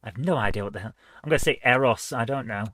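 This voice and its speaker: A man's voice: mid-range voice, very fast, fairly bright tone, no echo. A man hosting a retro gaming channel, reading quiz questions aloud and chatting casually as he guesses the answers. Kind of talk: casual let's-play commentary.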